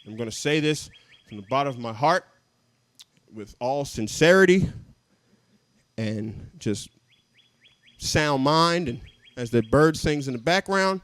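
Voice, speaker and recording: High-voiced young male stand-up comic. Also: expressive, a little slow, long pauses. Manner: chatty, self-mocking, drops to quiet asides; laughs at his own jokes. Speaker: stand-up comedian. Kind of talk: stand-up comedy set.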